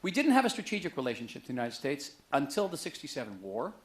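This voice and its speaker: A middle-aged man giving a book talk to a live audience in a museum auditorium, chatty and joking, telling stories with lively emphasis. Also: mid-range voice, quick pace. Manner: conversational, joking, animated storytelling. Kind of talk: public lecture to an audience.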